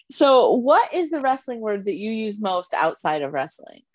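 A woman's voice: mid-range voice, big pitch swings, a little slow, dry recording. A woman hosting a casual interview, laughing often and self-deprecating. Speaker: podcast host.

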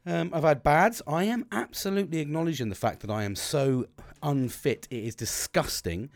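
A man's voice: fairly high pitch, moderate pace, no room sound. A middle-aged man hosting his own podcast, rambling and swearing with a self-deprecating humour in casual solo chat. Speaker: podcast host. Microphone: close podcast microphone.

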